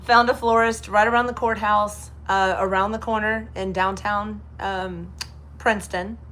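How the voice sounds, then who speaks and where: A woman's voice: medium pitch, fairly even intonation, a little slow, fairly bright tone. A woman from Texas with a light Kentucky twang, hosting a casual live chat and telling a story, acting out other people's lines. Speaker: host.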